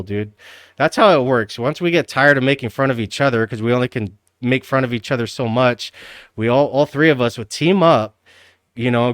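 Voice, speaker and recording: Guy streaming, rambly and sweary, says dude nonstop, smooth clear voice, dry close sound. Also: mid-range voice, dry recording. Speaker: livestreamer. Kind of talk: casual livestream chat.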